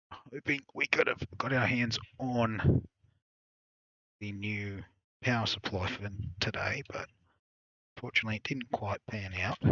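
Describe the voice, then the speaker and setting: Australian male co-host, low voice, easygoing mutter, close dry mic. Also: sharp tone, no echo, dull audio. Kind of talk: casual chat while building a PC.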